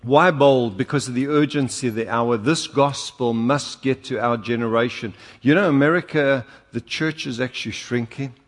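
A man's voice: mid-range voice, moderate pace, few pauses. An older man with a South African accent preaching a sermon, telling humorous stories and rising into emphatic exhortation. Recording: long hall reverb.

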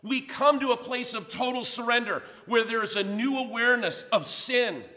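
Man, pastor, sermon, emphatic rhetorical preaching, high bright voice, reverberant hall. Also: normal speed.

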